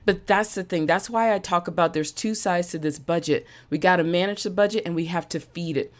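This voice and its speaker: A woman with a lowish voice talks fairly quickly as she hosts a live-streamed motivational talk. A podcast host and business coach, she speaks emphatically and repeats phrases to drive points home, coughing now and then.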